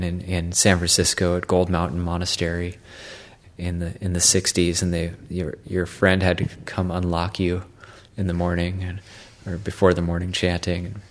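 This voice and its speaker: Low, flat-voiced male monk. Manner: halting, repeats words, many fillers. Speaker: Buddhist monk. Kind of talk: Dharma talk.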